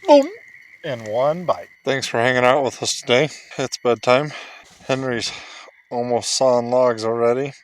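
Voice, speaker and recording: A man telling his child a playful, animated bedtime story and chatting through a camping vlog outdoors at a lakeside campsite. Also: medium pitch, a little slow, dry recording, rough recording. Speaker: father and vlog host.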